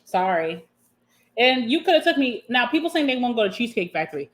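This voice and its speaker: A young woman vlogger talking casually and candidly to camera while eating, sassy and quick to laugh. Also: fairly low pitch. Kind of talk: casual mukbang chat to camera.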